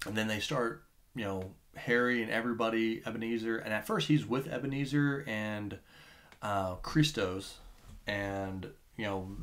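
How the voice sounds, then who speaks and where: A man recapping a book in a casual, rambling review, full of fillers and restarts and getting excited as he retells it. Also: fairly low pitch.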